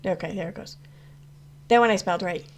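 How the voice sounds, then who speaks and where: A woman's voice: on the low side, brisk. Chatty woman rambling on a livestream. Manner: rambling, many fillers and restarts. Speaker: YouTube commentary host answering live chat. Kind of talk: casual live-stream chat.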